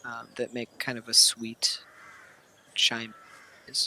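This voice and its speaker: A man narrating a tabletop game as game master, casual and halting with many fillers. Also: medium pitch, monotone, pushed and bright, slight background noise.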